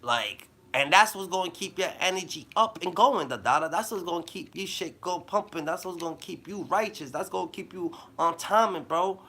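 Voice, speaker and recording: A man giving rambling motivational advice in loose slang, with a habitual "da, da, da" filler, dropping low and then bursting louder. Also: animated, normal speed, few pauses. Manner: loose slang-heavy talk with a repeated "da, da, da" filler; swings between low mumbling and loud bursts. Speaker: vlogger giving life advice.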